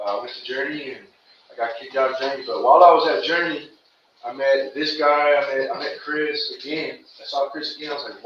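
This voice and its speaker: A man's voice: mid-range voice, a bit bright. Distant, echoey man giving earnest testimony. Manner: earnest, rambling, slangy with "bro" and "man". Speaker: recovery meeting speaker. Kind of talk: personal testimony. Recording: distant, echoey, muffled room recording with noise.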